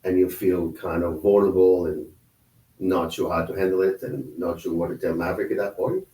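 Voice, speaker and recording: A man interviewing a guest, asking gentle questions and summing up the guest's feelings back to him. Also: low-pitched, fairly even intonation, brisk, recorded from a distance, a little hiss or hum. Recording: echoey, off-mic.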